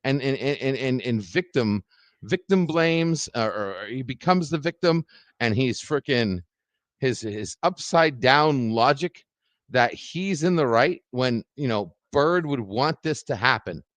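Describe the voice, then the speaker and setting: A man's voice: mid-range voice, lively intonation, measured pace, dry recording. A man ranting angrily on a live stream, swearing a lot and repeating himself. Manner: heated, profane, repeats himself. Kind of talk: angry ranting livestream.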